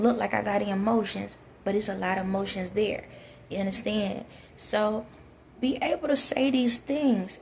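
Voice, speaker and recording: A woman's voice: on the high side, creaky, darkish tone, a little hiss or hum. A woman vlogger giving relationship advice, talking bluntly and directly to her viewers in a casual way.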